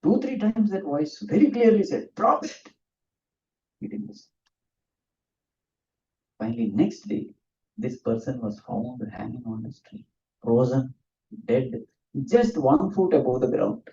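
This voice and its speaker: A man's voice: medium pitch, big pitch swings, measured pace, warm tone, a little hiss or hum. A man, a swami giving a spiritual discourse, earnest and often laughing as he tells stories. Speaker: swami giving a scripture talk. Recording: distant, dull lo-fi room recording.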